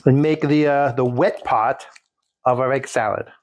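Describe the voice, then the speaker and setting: A man's voice: medium pitch, fairly even intonation, a little slow, slight background noise. A man casually showing a recipe in his home kitchen, rambling with folksy jokes and asides. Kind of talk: casual cooking demonstration.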